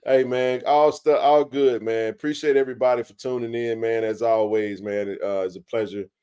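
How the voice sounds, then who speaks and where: A man's voice: mid-range voice, steady tone, normal speed, dark tone, clean tone. A man hosting a casual live sports chat, laid-back and slangy, tossing in "man" and "bro" all the time. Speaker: livestream sports show host.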